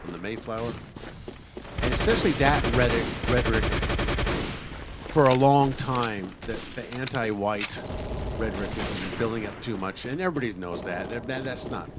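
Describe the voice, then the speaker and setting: A man's voice: medium pitch, normal speed. A man hosting a livestream, delivering a blunt, combative political monologue with frequent profanity. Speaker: livestream host. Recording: noisy livestream audio.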